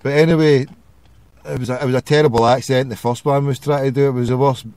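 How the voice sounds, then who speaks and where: A man with a Glaswegian accent runs a casual call-in show. He banters and teases his callers. His voice sits in a middling pitch. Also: fairly even intonation, fast talker, darkish tone, no echo. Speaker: host of a call-in internet radio show. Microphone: phone call.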